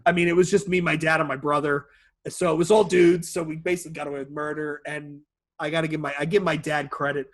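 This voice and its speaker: A man in his forties, co-hosting a podcast, telling stories in a lively, profane, laughing way. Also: fairly high pitch, fast talker. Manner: animated storyteller, laughs often, profane. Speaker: podcast co-host. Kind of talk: casual chat.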